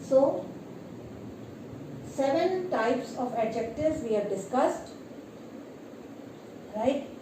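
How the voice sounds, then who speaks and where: A woman teacher, explaining grammar slowly and often checking in with "right?". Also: high-pitched, expressive, noisy background. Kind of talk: classroom grammar lesson. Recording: echoey room, mic at a distance.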